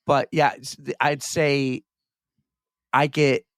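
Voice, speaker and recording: A man's voice: mid-range voice, level tone, slow pace, pauses often, no room sound, clean studio sound. A man co-hosting a running podcast, talking in a loose, rambling way. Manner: rambling, restarts and jokes. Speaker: podcast co-host. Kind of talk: casual chat.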